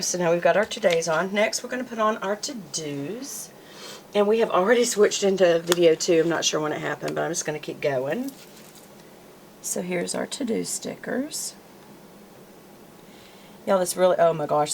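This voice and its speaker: A woman's voice: mid-range voice, vocal fry, a little mellow, slight background noise, low-quality recording. A woman with a Southern US accent chatting casually as she works on a planner, talking to herself along the way. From American South. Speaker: planner vlogger. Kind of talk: casual chat while crafting.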